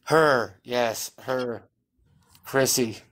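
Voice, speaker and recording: Tipsy man, apologetic rambling guest, mid-range pitch. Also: extremely slow, a bit bright. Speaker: live stream guest. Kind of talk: casual chat.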